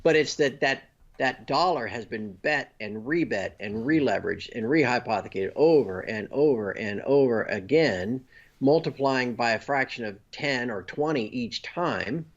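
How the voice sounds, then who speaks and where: A man's voice: mid-range voice, lively intonation, measured pace, dull audio. A man being interviewed, explaining finance step by step and often checking in with "you know" and "okay?". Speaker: guest. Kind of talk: conversational interview.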